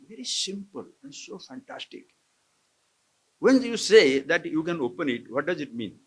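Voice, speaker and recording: A swami from India gives a live scripture discourse to a camp audience in an ashram lecture hall, often questioning his listeners and chuckling. His voice is high and a bit bright.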